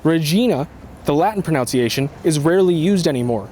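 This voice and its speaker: A man reporting a news story in a measured, explanatory way. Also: fairly high pitch, lively intonation, darkish tone, slight background noise.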